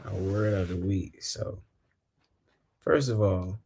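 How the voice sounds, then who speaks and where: A man's voice: sits low, slow, gravelly, dark tone, slightly rough. A man hosting a casual podcast chat, explaining things in a loose, rambling way and laughing often. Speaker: podcast host.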